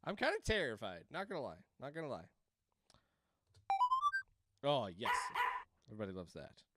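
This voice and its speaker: A man's voice: mid-range voice, huge pitch swings, normal speed, heavy background noise. A man playing a video game at home into a desk microphone, rambling, laughing and breaking into screams. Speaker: game streamer. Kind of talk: let's-play commentary. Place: home room.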